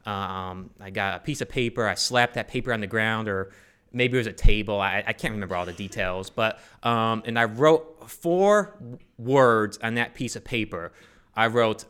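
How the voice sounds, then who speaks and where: A man's voice: lowish voice, fairly bright tone, smooth. A man telling a personal story to a live audience, rambling and joking with many fillers and restarts. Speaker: storyteller on stage.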